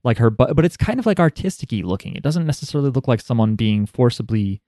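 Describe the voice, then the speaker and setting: A man's voice: mid-range voice, lively intonation, fast, mellow, no room sound, studio quality. A man casually talking over an anime episode with a co-host, sarcastic and joking, swearing freely. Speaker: podcast co-host.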